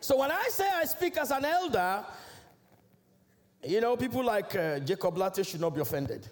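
A man's voice: very animated, normal speed, a little hiss or hum. A man from Africa preaching a sermon as a church elder, emphatic and declamatory, in a large church. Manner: emphatic, declamatory preaching with big swells in pitch.

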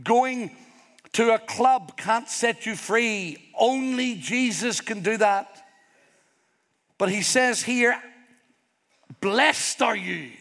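With an extremely high, slightly bright voice, a Northern Irish pastor draws out his words and leaves long pauses. He preaches earnestly and emphatically in a church hall full of congregants, building up repeated phrases. Long reverb from the hall colors the recording.

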